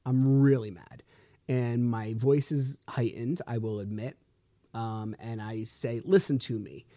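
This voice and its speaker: A man's voice: medium pitch, level tone, takes it slowly, warm tone, dry recording. A man in his thirties hosting a solo podcast, telling a personal story bluntly with plenty of swearing. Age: 30s. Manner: blunt and profane, retelling events with heat. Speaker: podcast host. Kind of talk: casual solo storytelling monologue.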